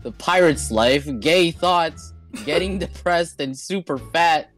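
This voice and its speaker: A man's voice: a little high, slow, fairly bright tone, soft background music. A man playing a card game online, reading cards in a crude, mock-solemn way. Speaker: game player. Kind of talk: casual chat while reading game cards.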